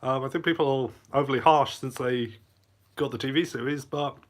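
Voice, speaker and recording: A man's voice: medium pitch, moderate pace. A man hosting a casual live Q&A, reading chat aloud and rambling between bites of lunch. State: eating lunch while talking. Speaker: channel host.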